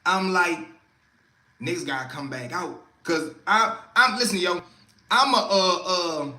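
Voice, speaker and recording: A man's voice: sits high, a little slow, pushed and bright, roomy sound. A young man telling a story to a live stream chat in a casual way, acting out other people's voices as he goes. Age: young adult. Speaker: livestream storyteller.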